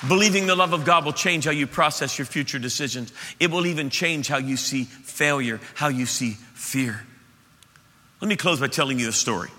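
A male pastor preaching an impassioned sermon to his church, swelling to loud peaks. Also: on the high side, normal speed. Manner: impassioned, rising to shouts at peaks. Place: church auditorium. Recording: reverberant church hall.

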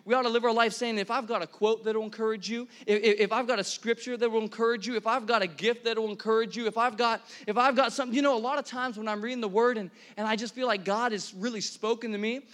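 A pastor in his thirties preaching a sermon to a congregation, energetic and conversational, asking the room questions. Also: extremely high pitch, fast talker, few pauses. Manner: energetic, conversational, many restarts and audience questions. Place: church hall before a congregation.

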